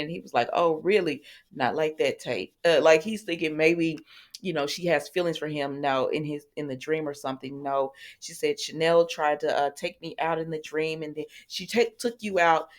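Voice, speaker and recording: A woman casually recapping a soap opera episode, retelling the characters' lines in a loose, talkative way with lots of fillers and self-corrections, and speaking straight to her viewers. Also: sits low.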